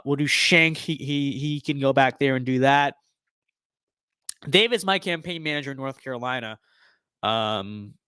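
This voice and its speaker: A man's voice: medium pitch, sharp tone, dry recording, studio quality. A young man streaming a game, giving casual, playful commentary with mock-political banter while he thinks aloud.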